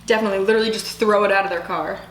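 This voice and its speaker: A woman's voice: mid-range voice, fairly even intonation, racing, fairly bright tone, a little hiss or hum. A young adult woman co-hosting a casual eating show, eagerly asking follow-up questions. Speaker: co-host. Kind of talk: casual chat. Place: indoors. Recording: echoey room.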